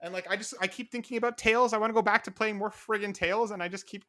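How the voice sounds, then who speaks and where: A young man chatting on a casual podcast, his words tumbling out at a quick clip. His voice sits a little high and sounds bright and forceful. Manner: fast, animated, talks over his co-host. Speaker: podcast co-host.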